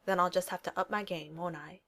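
A woman's voice: lowish voice, steady tone, brisk, fairly bright tone. A woman reading the lines of a snarky, confident male billionaire inventor in a fan fiction audiobook, wisecracking and flippant. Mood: wry.

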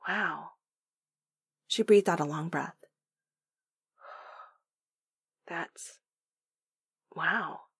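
Brash, irreverent young woman, husky and lively, read by a female narrator. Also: on the low side, no echo, studio quality, heavily acted. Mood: stunned. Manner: slangy, quick retorts.

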